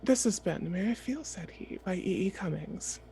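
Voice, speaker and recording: A player in a soft ASMR tabletop game, reading a poem slowly and expressively and whispering some of the lines. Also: medium pitch, lively intonation, vocal fry, slight background noise.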